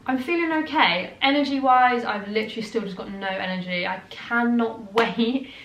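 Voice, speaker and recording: A woman's voice: a little high, normal speed. A young British woman chatting casually in a vlog, a little out of breath, with lots of fillers and restarts. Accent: British English. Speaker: vlogger. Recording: roomy echo, faint noise.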